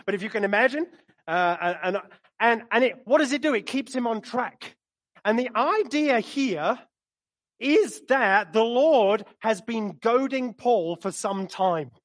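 A man preaching a sermon in a church, animated and storytelling, speaking into a microphone. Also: very high-pitched, a little slow. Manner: animated, storytelling, acts out quotes with laughs. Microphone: microphone he moves around while preaching.

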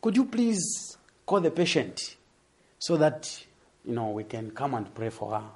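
A young adult man telling a testimony in a sermon, animated and laughing as he tells the story. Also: mid-range voice, unhurried. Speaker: preacher.

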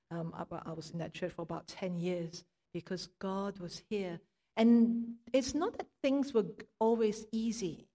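Woman giving a sermon, earnest and reflective, goes soft and hushed sometimes, long echo like a big hall. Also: medium pitch. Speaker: preacher.

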